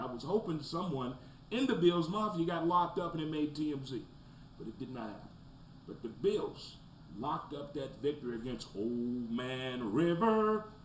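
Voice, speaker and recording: A man in the middle pitch range hosting a casual sports talk stream, jumping from loud, fired-up rants to low, muttered asides. His voice rings in a roomy space with a faint hiss of background noise behind it. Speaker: sports talk show host.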